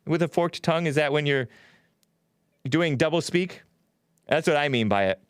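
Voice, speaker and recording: A man's voice: fairly high pitch, lively intonation, moderate pace, clean tone, dry recording, clean studio sound. A man hosting a solo commentary show, reading out news quotes and mocking them with sarcastic asides. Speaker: podcast host.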